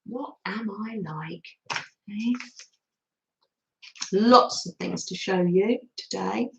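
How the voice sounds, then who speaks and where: Broadcasting live from her craft room at home, this woman talks slowly in a medium-pitched, slightly bright voice with vocal fry. She wanders from thought to thought, laughs at her own expense, and coos lovingly to her dog. Captured by a camera on the table, the audio is roomy, a little dull, and carries faint background noise.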